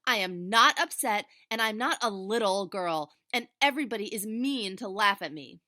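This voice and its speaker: A woman voicing a furious little girl who shouts in a high, loud voice during a tantrum. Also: moderate pace, dry recording, studio quality. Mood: outraged.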